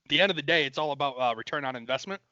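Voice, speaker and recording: A man co-hosting a casual podcast, reasoning out loud with lots of "like" and "I mean". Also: fairly high pitch, rapid-fire, no room sound, lo-fi sound. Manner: talks things through, full of "like" and "I mean". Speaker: podcast co-host. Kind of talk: casual chat.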